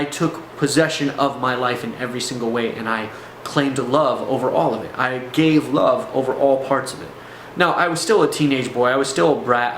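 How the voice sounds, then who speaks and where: A man's voice: medium pitch, fairly bright tone. A man telling a personal story in a casual, rambling way, with fillers and restarts. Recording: echoey room, faint background noise.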